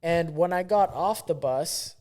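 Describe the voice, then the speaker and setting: Young man telling a lively story. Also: fairly high pitch, unhurried. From Southern California. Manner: animated, swearing, acts out quotes. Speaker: podcast host. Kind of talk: casual storytelling chat.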